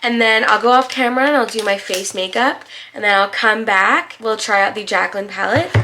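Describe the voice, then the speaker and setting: A woman's voice: mid-range voice, moderate pace, pushed and bright, a little hiss or hum. A young woman with a slight lisp, chatting casually and bubbly as a beauty vlogger reviewing makeup.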